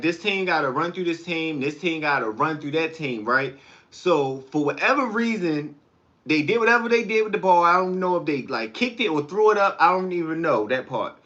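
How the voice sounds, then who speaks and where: A man hosting a casual livestream, chatting with viewers and telling stories in a slangy, animated way. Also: on the high side, dull audio. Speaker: livestream host. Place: home kitchen.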